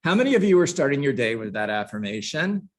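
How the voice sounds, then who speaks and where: A man's voice: medium pitch, big pitch swings, fast talker. A man teaching a live book-study lesson to a room of agents, passionate and emphatic, with sarcastic asides. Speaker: real estate trainer.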